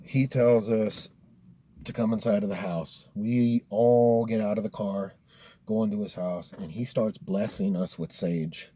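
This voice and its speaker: A man's voice: lowish voice, fairly even intonation, measured pace, dark tone. A man telling a spooky story in a casual, profane, laid-back way, dropping "dude" often.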